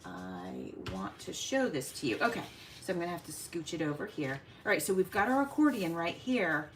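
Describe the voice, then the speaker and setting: A woman hosting a casual craft livestream, chatting warmly with viewers by name and laughing often as she works. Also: on the low side, big pitch swings, normal speed, slight background noise.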